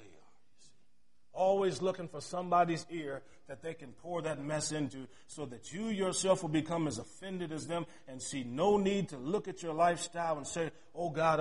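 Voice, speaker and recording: A middle-aged male pastor giving a sermon. He tells stories in a chatty way, and his loudness swings from shouting to near murmurs. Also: fairly high pitch. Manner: storytelling, with chatty asides.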